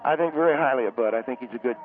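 A man calling in as a reverend, talking earnestly and haltingly with many hesitations. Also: mid-range voice. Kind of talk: call-in chat. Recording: tinny phone line.

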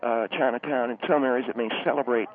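Halting man on a tinny phone line. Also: medium pitch, steady tone. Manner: halting, full of uh, earnest. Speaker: reverend calling in. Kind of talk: call-in chat.

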